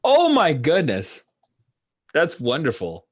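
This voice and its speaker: A man acting as game master over an online call, narrating a tabletop baseball game in a relaxed, chatty way with lots of fillers and little sportscaster flourishes. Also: fairly high pitch, takes it slowly. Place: online call with screen sharing.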